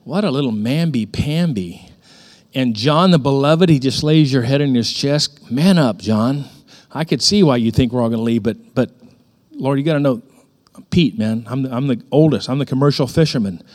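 A man's voice: medium pitch, normal speed, darkish tone, natural voice. A preacher putting on a brash, boastful fisherman apostle. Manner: brash, bragging, mocking others.

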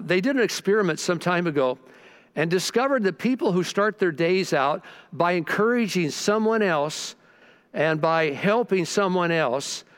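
A male pastor preaches with lively, animated delivery. His voice sits a little high for a man, and he stumbles over restarts before breaking into fervent, rising declarations. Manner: animated storytelling with repeated restarts, bursts of fervor. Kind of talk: sermon.

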